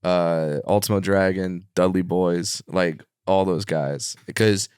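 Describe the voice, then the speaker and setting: Comedian guest, male, low-pitched, animated storyteller, laughs often, dry studio sound. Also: slow pace, smooth, no room sound. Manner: lively, laughing, restarts mid-sentence. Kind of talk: casual chat, animated storytelling. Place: podcast studio.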